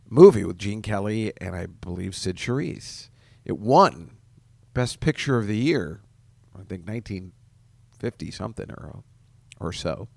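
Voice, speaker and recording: A man's voice: mid-range voice, no room sound, studio quality. A man hosting a podcast, telling casual stories in a rambling, self-interrupting way with frequent chuckles. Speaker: podcast host. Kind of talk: casual solo podcast chat.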